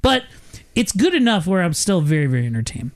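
A man's voice: sits high, big pitch swings, a little fast. A man casually recapping a film on a podcast, rambling and joking with lots of profanity. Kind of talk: casual chat.

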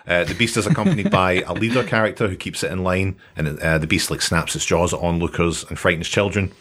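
A Scottish podcast host tells his stories in a loose, jokey way, swearing freely and laughing along. His voice sits fairly low. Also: steady tone, fast talker, a bit bright. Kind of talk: casual chat, storytelling.

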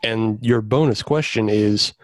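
A man's voice: fairly low pitch, a little slow, dry recording. Dry-voiced man hosting a trivia game. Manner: announces rules and rulings, laughs at the players. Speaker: quiz host.

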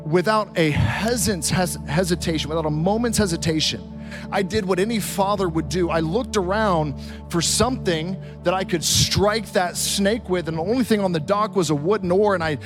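A man in his thirties with a notably high voice delivers a sermon from a church stage. He tells his stories with animated, vivid energy. Soft music plays faintly behind him. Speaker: pastor. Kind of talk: storytelling sermon.

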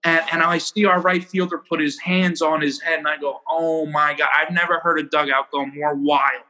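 A young man, a baseball pitcher, casually telling rambling, animated stories about his games and laughing at himself. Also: normal speed, rough recording. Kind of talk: casual storytelling interview.

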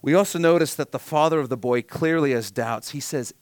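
A man preaching a sermon, swinging from hushed, near-whispered lines to loud, emphatic passages. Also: medium pitch, normal speed, hardly any pauses, dry recording. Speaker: pastor.

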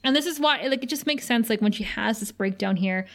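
A woman's voice: a little high, lively intonation, a little fast. A woman co-hosting a podcast, recapping a TV episode in casual chat and retelling scenes with feeling, sighing often. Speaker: podcast co-host.

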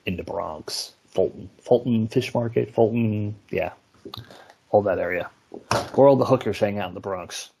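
A man's voice: fairly low pitch, normal speed, gravelly, background noise. A middle-aged man from New York co-hosting a podcast, talking in a rambling way and often hunting for the right word. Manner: rambling, hesitant, searches for words. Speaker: podcast co-host. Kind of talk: casual chat.

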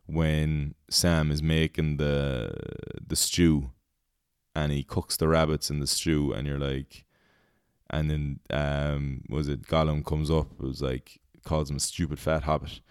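A man's voice: rumbling low, little pitch movement, a little slow, clean tone, no room sound, clean studio sound. A young man, hosting a podcast in casual chat, rambling, swearing freely and laughing at his own jokes. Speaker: podcast host.

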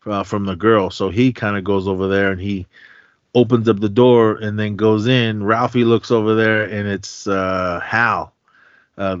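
A man's voice: on the low side, no echo, highs cut off. A man hosting a podcast, casually retelling a movie's plot in a rambling style full of fillers. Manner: rambling, filler-heavy storytelling. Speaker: podcast host.

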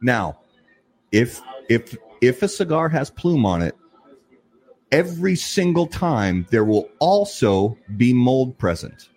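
A man co-hosting a casual talk show, explaining at length in an emphatic, animated way with frequent restarts. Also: mid-range voice, slow, breathy edge. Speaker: podcast co-host. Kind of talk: casual chat.

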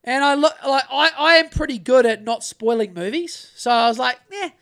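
A man's voice: very high-pitched, moderate pace, fairly bright tone. Rambling New man, casual podcast. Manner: rambling, swearing, laid-back storytelling. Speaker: podcast host. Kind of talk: casual chat.

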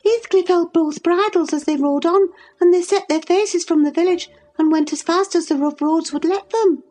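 A shrill, panicked young servant girl. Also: normal speed, mellow, soft background music. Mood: breathless. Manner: shrill, gasping, stammering. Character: frantic young servant girl, thoughtless, breathless.

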